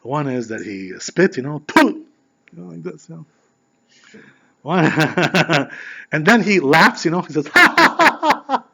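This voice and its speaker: A man who is a rabbi, telling a story in a sermon in an animated, chatty way, full of filler phrases. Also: on the high side, measured pace, gravelly, long pauses, a little hiss or hum. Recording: dull lo-fi recording.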